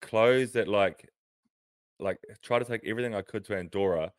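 A man's voice: on the low side, normal speed, smooth, dry recording, clean studio sound. A man co-hosting a podcast in casual chat, rambling and laughing often, talking from a near-empty house while sitting on a bed. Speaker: podcast co-host, pro cyclist.

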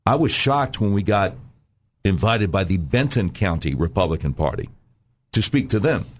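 A man guesting on a radio talk show as a candidate, making an emphatic campaign pitch and often clearing his throat. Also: lively intonation, normal speed.

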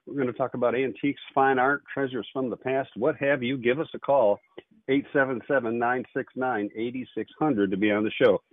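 A man hosting a call-in radio show with fast, upbeat auctioneer patter. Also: medium pitch, steady tone, no echo. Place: radio studio. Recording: phone-like narrow band.

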